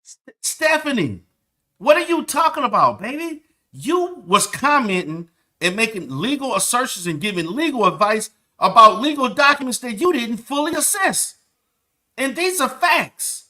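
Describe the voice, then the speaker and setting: High, lively man mocking between laughs. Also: moderate pace. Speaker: commentator reacting to clips. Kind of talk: profane reaction commentary.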